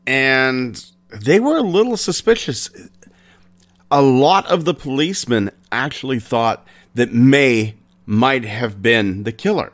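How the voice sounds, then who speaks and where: A man hosting a podcast, retelling an old crime story in an unhurried, conversational way with pauses. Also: medium pitch, a bit bright. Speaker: podcast host.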